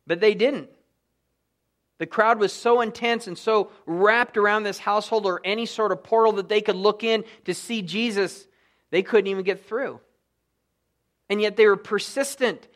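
Pastor guy preaching, fairly high voice, lively storytelling that goes quiet and soft at times. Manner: animated storytelling, with sudden drops to a soft hushed voice. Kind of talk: sermon.

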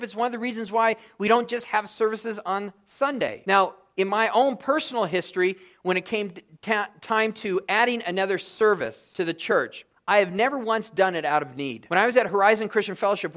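Middle-aged male pastor, high voice, earnest sermon delivery, lots of rhetorical questions. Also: a bit bright.

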